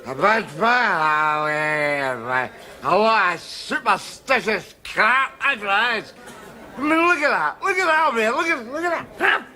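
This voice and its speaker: A man's voice: high voice, lively intonation, unhurried, sharp tone, full character voice. An actor playing a boozy, belligerent middle-aged Scottish man who blusters and stammers in a sitcom. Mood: blustering. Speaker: sitcom lead. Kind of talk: sitcom acting.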